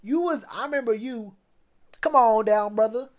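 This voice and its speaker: A man putting on the voice of an excited male football coach who brags, repeating "hey" over and over in a higher voice. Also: moderate pace. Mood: hyped.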